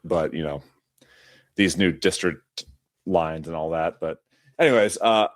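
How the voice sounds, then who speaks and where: Male co-host, low-pitched, playful rambling chat, dry mic. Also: measured pace, no room sound. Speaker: podcast co-host. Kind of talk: casual chat.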